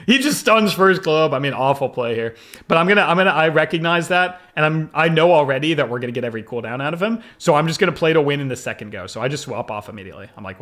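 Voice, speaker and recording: A young man commentating his own game replays in an excitable, fast-shifting way, often laughing. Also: a little high. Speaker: gaming video creator.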